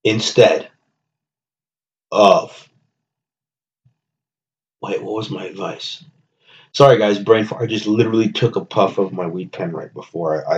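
A man's voice: deep voice, muffled recording. A man hosting a solo comedy podcast, rambling and joking with lots of profanity. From New Jersey. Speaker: podcast host. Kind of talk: casual comedy monologue.

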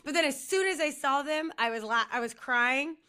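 A woman's voice: sits high, moderate pace, bright, forceful tone. A woman co-hosting a podcast, telling a rambling story in casual chat, saying "like" often and laughing as she goes. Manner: rambling, heavy use of "like", laughs through her story. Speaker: podcast co-host.

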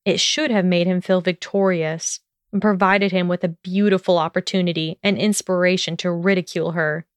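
Woman storyteller, smooth clear voice, measured narration. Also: fairly low pitch, fairly even intonation, dry recording, clean studio sound. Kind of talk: storybook reading.

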